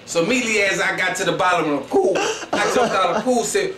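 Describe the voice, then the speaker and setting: A man's voice: sits high, fast talker, few pauses, a loud crowd. Slangy man, echoey and distant. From Philadelphia. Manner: slangy, boastful, rambling with constant "you know what I'm saying". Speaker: comedian. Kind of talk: comedic storytelling monologue. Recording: echoey, distant mic with faint noise.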